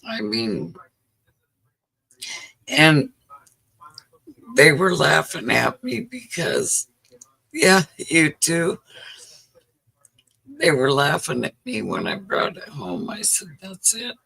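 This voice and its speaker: A woman's voice: low voice, big pitch swings, takes it slowly, gravelly, pauses often, bright, forceful tone, husky, low-quality recording. A middle-aged woman hosting a livestream, telling stories in casual chat and laughing often. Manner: chatty storyteller, laughs often. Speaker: livestream host.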